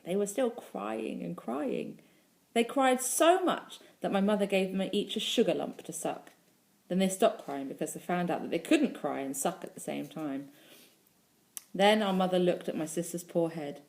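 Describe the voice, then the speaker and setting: A woman's voice: lowish voice, animated, moderate pace, gravelly, a little mellow. A female primary school teacher reading a storybook aloud expressively, stopping to talk to the children listening.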